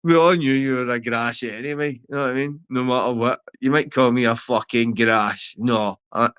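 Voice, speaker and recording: This Scottish man's voice is medium-pitched, smooth and fairly bright, delivered at normal speed with fairly even intonation and no room sound. With a Glaswegian accent, he aggressively rants at a rival on a livestream, swearing and taunting.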